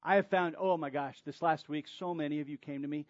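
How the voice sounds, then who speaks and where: A high-pitched man delivering a sermon as a pastor, swinging from loud, emphatic preaching to quiet, confiding asides. The recording is dry and a little dull, like a feed from a church sound system. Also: fairly even intonation, fairly quick, no room sound. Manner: drops to soft confiding asides.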